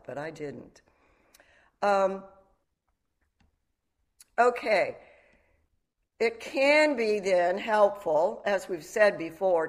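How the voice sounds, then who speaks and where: A middle-aged woman giving a meditation talk, reflective and candid, mixing teaching with personal stories. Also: mid-range voice. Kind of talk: dharma talk.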